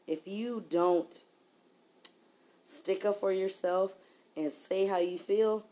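A woman's voice: mid-range voice, slow pace, dark tone. Heated, profane woman ranting. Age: adult. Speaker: vlogger. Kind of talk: angry rant to camera.

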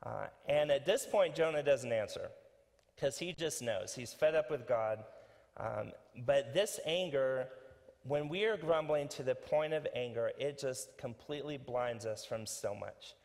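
A man's voice: medium pitch, a little slow. Man preaching in a reverberant church. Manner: conversational, animated, frequent fillers and restarts. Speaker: pastor. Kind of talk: sermon. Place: church sanctuary.

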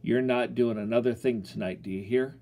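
A man voicing a tall, strong farmer father who scolds roughly in a storybook reading. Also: mid-range voice, fairly even intonation, fairly quick, dark tone, natural voice.

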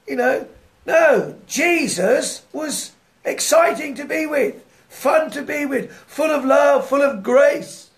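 Laughing frequently and posing rhetorical questions to his audience, a man delivers a lively devotional sermon. His voice is very high and creaky.

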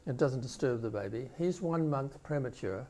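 A man's voice: mid-range voice, animated, moderate pace, darkish tone. An older man giving a conference keynote lecture, explaining video clips step by step. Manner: explanatory, walks listeners through clips step by step. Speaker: keynote speaker.

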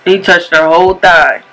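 A woman hosting a casual reaction video, loud and animated, laughing and cursing as she comments. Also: fairly low pitch, rough recording.

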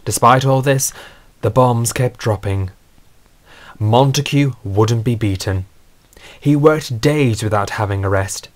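Man narrating a storybook, steady, earnest, mid pitch. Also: takes it slowly.

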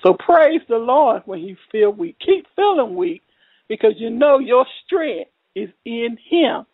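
A woman's voice: on the high side, very animated, measured pace, slightly rough, no echo. A middle-aged woman, preaching a heartfelt testimony sermon, repeating herself and rising to cries. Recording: tinny phone-line audio.

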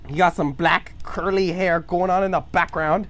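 A young man live-streaming while he draws, joking about his work and breaking into excited shouts. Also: sits high, normal speed, few pauses. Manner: excitable, bursts into shouts and laughs; joking self-commentary. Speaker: livestreamer. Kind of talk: live-streamed drawing chat.

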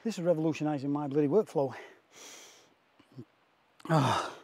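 A man's voice: on the high side, normal speed, darkish tone. A man vlogging outdoors on a hike, a bit out of breath, chatty and self-mocking, talking into a clip-on mic. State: out of breath from hiking. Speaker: landscape photographer vlogger. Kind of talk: casual outdoor vlog. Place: outdoors on a windy hill. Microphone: wireless clip-on mic.

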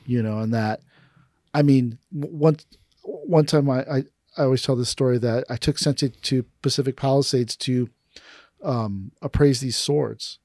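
A man's voice: mid-range voice, moderate pace, no echo, studio quality. A man who teaches aikido, telling stories in a casual podcast conversation and acting out the people he quotes. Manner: storytelling, animated when quoting others.

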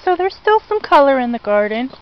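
A woman's voice: sits high, very animated, a little fast, highs cut off, slight background noise. A woman giving a casual tour of her outdoor garden, chatting to viewers and gushing over her plants as she wanders. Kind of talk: casual meandering garden walk-through.

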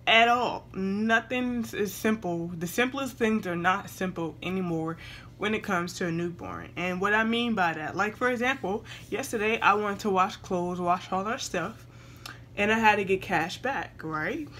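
A woman's voice: medium pitch, normal speed, fairly bright tone, a little hiss or hum. A young woman vlogging casually at home, chatting to viewers and breaking off to talk to her baby. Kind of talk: casual chat to camera.

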